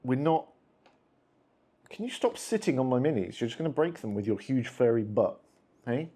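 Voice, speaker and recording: A man's voice: mid-range voice, lively intonation, moderate pace, dark tone, breathy edge. A man hosting a solo tabletop wargame session, chatting casually and talking to his cats between dice rolls. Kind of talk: casual play-through commentary.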